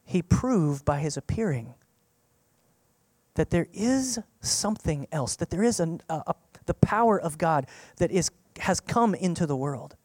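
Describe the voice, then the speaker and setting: Preacher voice, mid pitch, punchy sermon, keeps repeating lines and asking the crowd stuff, dry close sound. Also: big pitch swings, measured pace, darkish tone, no echo. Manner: emphatic, repeats key phrases for stress; conversational, asks the listeners questions.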